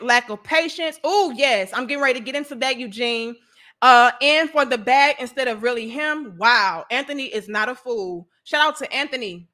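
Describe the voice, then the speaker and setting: A woman hosting a casual live stream, reading donations and speaking in an animated, outspoken, slangy way. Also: fairly high pitch.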